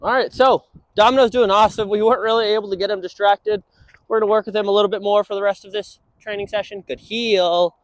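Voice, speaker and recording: A young man training a dog, explaining casually and breaking into high sing-song praise for it. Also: flat delivery, fast talker, no echo. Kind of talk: instructional walk-and-talk.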